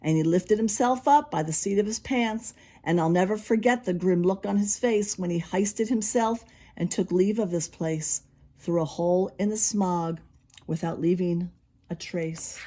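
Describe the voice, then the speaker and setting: A preschool teacher reading a picture book aloud to young children, expressive and stopping to explain. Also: female voice, lowish voice, unhurried.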